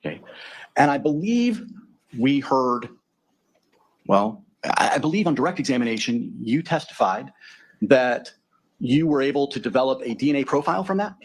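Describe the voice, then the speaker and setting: Husky lawyer cross-examining a witness. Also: male voice, mid-range voice, sing-song, moderate pace, long pauses. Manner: leading questions, methodical, tag questions. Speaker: defense attorney. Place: courtroom.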